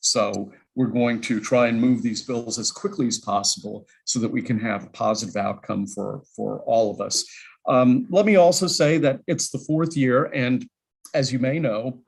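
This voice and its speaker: A man's voice: medium pitch, fairly even intonation, normal speed, creaky, breathy edge, low-quality recording. Rambling man chairing a committee. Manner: rambling, self-correcting. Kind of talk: opening remarks at a legislative hearing.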